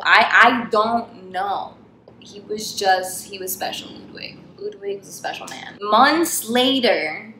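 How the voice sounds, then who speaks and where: A young woman from New York telling a funny travel story in a casual, animated way, laughing often and saying "like" a lot. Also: mid-range voice. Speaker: vlog host. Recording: echoey room with faint hiss.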